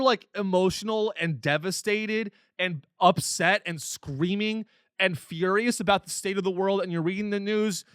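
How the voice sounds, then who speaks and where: A man's voice: high voice, normal speed, fairly bright tone, clear, resonant tone, dry recording, studio quality. A man hosting a podcast, ranting with profanity and exasperation, slipping into mocking voices of other people. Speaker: podcast host. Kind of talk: comedic rant.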